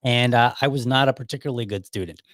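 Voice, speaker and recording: A man's voice: mid-range voice, fast talker, fairly bright tone, no echo. Rambling male podcast host, dry close sound. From Ohio, United States. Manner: rambling, self-correcting storyteller who acts out quotes. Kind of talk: casual storytelling monologue.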